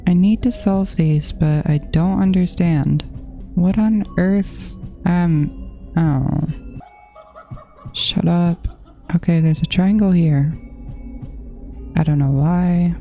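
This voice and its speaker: A woman's voice: fairly low pitch, slow, long pauses, warm tone, soft background music. A woman giving horror game playthrough commentary, muttering to herself and nervously repeating herself. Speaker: gaming channel host.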